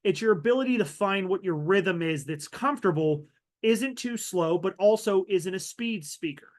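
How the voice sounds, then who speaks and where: A man presenting a webinar training, talking with lively shifts in loudness and pace to drive points home. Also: high voice, normal speed. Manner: animated, varies loudness and pace for emphasis. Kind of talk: virtual training talk.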